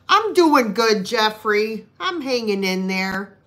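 A woman's voice: on the high side, very animated, slow pace, sharp tone. A middle-aged woman hosting a live sale, casually chatting, laughing often and greeting viewers by name. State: cold, complaining of freezing.

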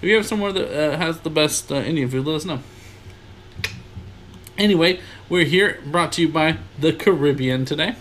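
A man co-hosting a casual podcast, talking in quick, lively, rambling bursts. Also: on the high side, a little hiss or hum. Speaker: podcast co-host.

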